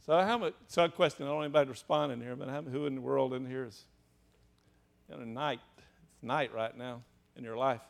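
A man preaching a sermon to a small group, swinging from hushed, low passages to loud, rising exclamations and addressing the room directly. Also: steady tone, a little fast, gravelly.

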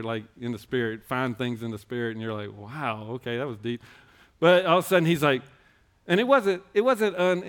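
A church speaker with a smooth, medium-pitched voice shares his personal testimony in a sermon. He tells his story in rambling phrases that keep interrupting themselves, earnestly urging the congregation onward.

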